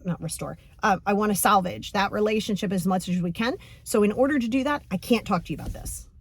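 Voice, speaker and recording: A young adult woman hosting a podcast as a coach, talking bluntly and casually, acting out quotes as she tells a story. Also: medium pitch. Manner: blunt, animated, acts out quoted voices. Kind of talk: casual motivational podcast talk.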